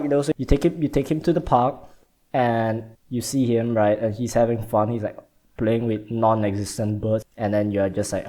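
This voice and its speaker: A man's voice: lowish voice, moderate pace. Rambling young man hosting a vlog. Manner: animated, rambling, repeats words. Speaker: vlog host. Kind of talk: casual explanatory vlog talk.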